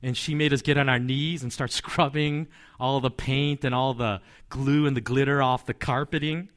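A man's voice: medium pitch, fairly even intonation, moderate pace, a bit bright. A man, a pastor, preaching a sermon in a conversational, storytelling way with asides and light chuckles.

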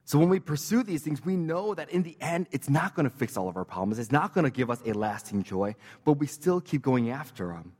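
A man's voice: a little high, very animated, a little fast, few pauses, darkish tone, in a large hall. A man preaching a sermon as pastor, conversational and joking, with casual fillers and asides.

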